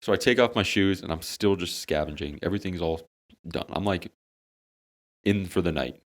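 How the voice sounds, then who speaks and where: On a casual podcast with his friends, a young male co-host recounts a humorous story, cursing freely in an animated, theatrical way. He talks a little fast in a low voice.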